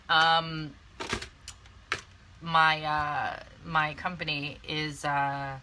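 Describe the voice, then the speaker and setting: A woman's voice: low-pitched, fairly even intonation, takes it slowly, pauses often, noisy background. Chatty woman on a live video. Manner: chatty, laughs often, many fillers and restarts. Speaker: network marketing coach hosting a live video. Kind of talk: casual live-stream chat. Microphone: phone or webcam on a live video.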